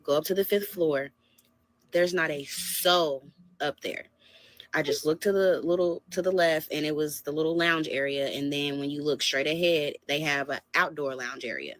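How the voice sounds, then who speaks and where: A woman casually telling a dating story in an animated, conversational way. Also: low-pitched, normal speed, no echo.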